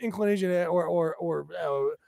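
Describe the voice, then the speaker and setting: A man's voice: high-pitched, moderate pace, creaky, a little mellow, dry recording, clean studio sound. A man co-hosting a casual podcast, telling a heated, profane story as a rant. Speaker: podcast co-host.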